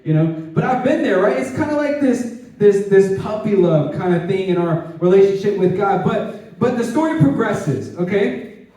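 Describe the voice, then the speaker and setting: A man preaching a lively youth sermon, animated and conversational, with tag questions and laughing asides. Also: high-pitched, moderate pace. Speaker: youth pastor. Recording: echoey hall, distant mic.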